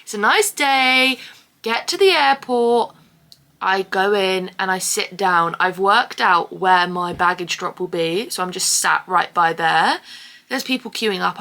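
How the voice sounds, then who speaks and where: Woman vlogger, sharp tone, ranty and sarcastic, casual delivery. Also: mid-range voice, normal speed. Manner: sarcastic, sweary, animated storytelling. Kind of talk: casual storytelling vlog.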